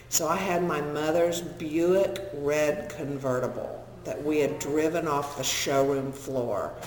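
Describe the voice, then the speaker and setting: A woman's voice: low voice, a little mellow, a little hiss or hum. Texan-accented woman in her sixties, echoey hall. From Northern California. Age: 60s. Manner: candid, self-deprecating, humorous storyteller. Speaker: speaker sharing her recovery story. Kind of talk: personal storytelling to an audience. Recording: echoey hall with long reverb.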